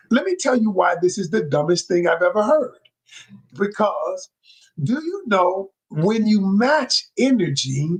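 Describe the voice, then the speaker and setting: A high, husky male voice that swings widely as he coaches a live-stream audience. He drives his points home by repeating them and calling his viewers y'all, like a preacher. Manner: emphatic, repetitive, preacher-like delivery addressing viewers as y'all. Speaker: communication coach. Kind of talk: live-stream teaching talk. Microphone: live-stream microphone.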